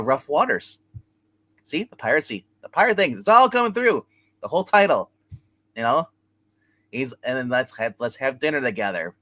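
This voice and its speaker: A man co-hosting a casual TV review chat, excitedly retelling scenes with lots of fillers. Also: medium pitch, no echo. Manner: animated retelling, acting out scenes, many fillers. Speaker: co-host reviewing a TV episode.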